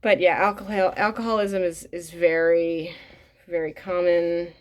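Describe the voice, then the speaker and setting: A woman's voice: lowish voice, flat delivery, unhurried. A woman reading a book aloud and commenting bluntly and casually, swearing often with plenty of fillers. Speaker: reader and commentator.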